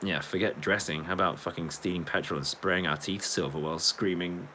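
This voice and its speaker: A low-voiced man rambles through a casual livestream, reading comments aloud and swearing freely between laughs. A faint hum of ambient noise sits behind his voice. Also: steady tone, brisk, few pauses, sharp tone. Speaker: livestreaming musician reading chat.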